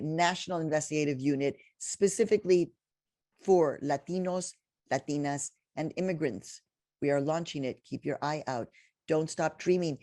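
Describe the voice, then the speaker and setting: A woman's voice: low-pitched, warm tone, no room sound, studio quality. A middle-aged woman giving a heartfelt commencement speech to journalism graduates. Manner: heartfelt, rising to tearful near the end. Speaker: commencement speaker.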